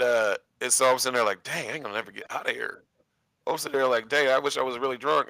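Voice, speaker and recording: In a casual chat, a man tells a long personal story, animated and laughing as he acts out the quotes. His voice is mid-range, with no room sound.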